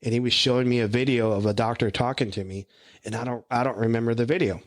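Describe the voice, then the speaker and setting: Man halting through hazy memories, dry sound. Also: medium pitch, steady tone, no room sound. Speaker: podcast co-host and guest. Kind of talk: casual conversation.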